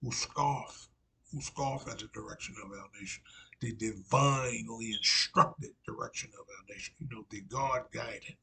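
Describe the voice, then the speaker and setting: A man's voice: mid-range voice, normal speed, gravelly, bright, forceful tone, slightly rough, rough recording. A man giving a rambling religious monologue, repeating himself and filling gaps with "you know". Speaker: religious speaker.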